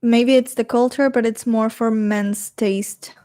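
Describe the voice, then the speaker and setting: Slow-talking chatty woman. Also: on the high side, steady tone, warm tone. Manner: chatty, laughs often, reads comments aloud. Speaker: streamer reading live chat. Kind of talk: casual live-stream chat.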